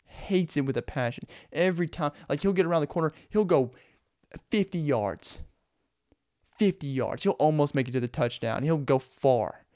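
Smooth-voiced young man telling stories. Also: a little high, moderate pace, no echo, studio quality. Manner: rambling, animated, laughs often. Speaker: podcast host. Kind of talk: casual storytelling monologue.

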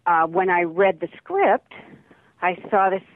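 An older actress chatting as an interview guest over the phone, rambling with restarts and laughing often. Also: female voice, fairly low pitch, level tone, normal speed, dry recording. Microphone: telephone. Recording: tinny dry phone line.

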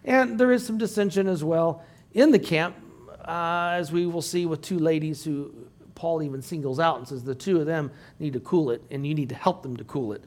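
High-voiced man joking through a sermon. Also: normal speed, slight background noise. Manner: conversational, joking asides. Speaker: pastor.

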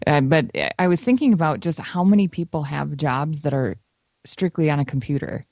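A woman's voice: deep voice, normal speed, a little mellow, dry recording. A woman co-hosting a casual podcast, rambling with many restarts as she chats. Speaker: podcast co-host. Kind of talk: casual chat. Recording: dull lo-fi sound.

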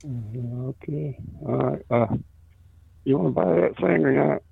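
A man's voice: medium pitch, a little slow, dry recording. A laid-back man on a phone call who laughs easily and calls the other person man. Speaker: prank call target. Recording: gravelly voice over tinny phone line.

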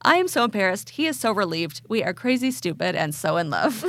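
Lively, laughing woman reading a story. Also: medium pitch, fairly quick, no echo. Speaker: podcast co-host. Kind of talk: casual chat, reading a story aloud.

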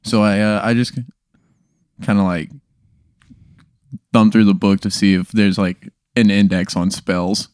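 A man with a low voice speaks in a relaxed, casual way. He plays along easily and does not hurry. The recording is dry and close. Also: a little slow, long pauses, clear, resonant tone, no echo. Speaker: podcast guest. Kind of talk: casual chat.

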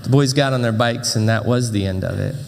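A middle-aged male pastor telling a story in a sermon with animated, dramatic delivery and frequent self-interruptions. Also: mid-range voice, brisk, creaky, slight background noise. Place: church auditorium. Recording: long hall reverb.

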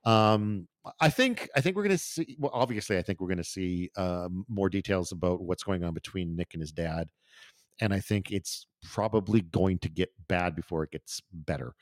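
A man's voice: deep voice, normal speed, no room sound, clean studio sound. A man co-hosting a podcast in casual, joking chat. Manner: joking, loose, swears casually. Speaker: podcast co-host.

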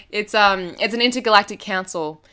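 A woman's voice: medium pitch, normal speed, pushed and bright, lightly acted. A woman playing a bubbly young radio host with chirpy on-air patter in a comedy audio drama, exasperated by her sister.

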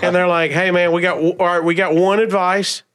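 A man from Alabama with a Southern accent, a comedian telling stories on a podcast in a casual, animated way, acting out other people's lines. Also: high voice, brisk. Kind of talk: casual storytelling.

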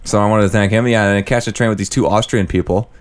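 Young male podcast co-host, low-ish voice, loose rambling storyteller. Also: steady tone, quick pace. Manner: rambling storyteller, heavy use of "like". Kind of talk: casual chat.

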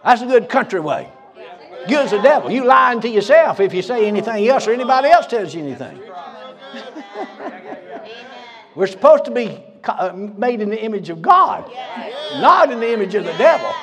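A man's voice: very high voice, sing-song, moderate pace, pauses often, fairly bright tone, some chatter behind. A man preaching a sermon as pastor, fiery and folksy, laughing between lines in a church. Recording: reverberant church hall.

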